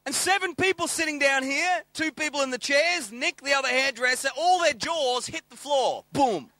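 High bright-voiced preacher. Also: male voice, moderate pace, dry recording. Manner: lively anecdotal, acts out quoted dialogue. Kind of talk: sermon storytelling.

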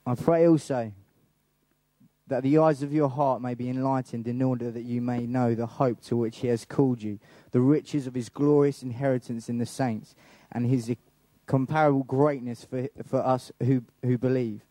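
Mellow-voiced man reading scripture. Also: mid-range voice, steady tone, normal speed, dry recording. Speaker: scripture reader.

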